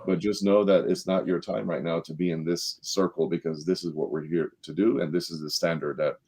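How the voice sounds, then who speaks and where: Middle-aged man, low and warm voice, animated storyteller on a panel. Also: brisk, breathy edge. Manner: animated storyteller, acts out quotes with rising pitch. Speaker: panel guest, former sales director. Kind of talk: storytelling in a leadership panel talk.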